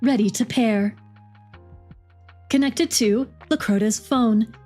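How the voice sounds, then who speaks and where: A flat, monotone car assistant voiced by a woman that reads out its device messages in clipped, even phrases. It sounds mechanical and unhurried, like an in-car system from a storybook reading. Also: a little high, soft background music. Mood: robotic.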